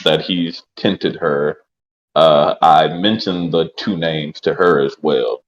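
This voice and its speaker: A man playing a tabletop game, describing his character's actions in a relaxed, chuckling way. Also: extremely low pitch, slow pace, dull audio, slight background noise. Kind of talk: casual in-character chat.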